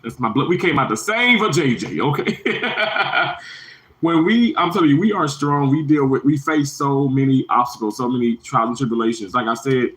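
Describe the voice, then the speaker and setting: A man in his thirties giving an earnest motivational livestream talk to his viewers, repeating himself and greeting chat in a higher voice. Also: brisk, few pauses, rough recording. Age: 30s.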